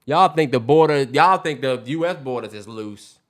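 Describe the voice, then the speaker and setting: Lively-voiced man co-hosting a podcast. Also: medium pitch, normal speed. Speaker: podcast co-host. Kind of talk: casual chat.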